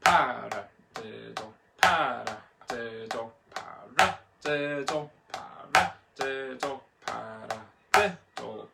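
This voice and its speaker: A Scottish man teaching a drumming lesson online from home, talking in a relaxed, chatty way and chanting the sticking patterns aloud. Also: medium pitch, noisy background. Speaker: drum tutor. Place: home, a street outside.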